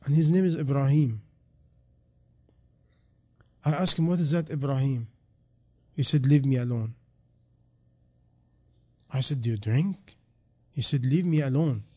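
A man preaching a sermon in non-native English, dropping to quiet reflection and then rising into loud, emphatic calls. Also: mid-range voice, measured pace, long pauses, slightly rough.

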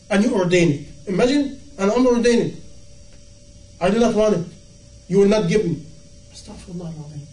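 Male preacher, high voice, mellow tone, impassioned rhetorical questions, distant mic in echoey room. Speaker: Islamic preacher. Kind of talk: sermon. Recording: echoey room, from far off, faint noise.

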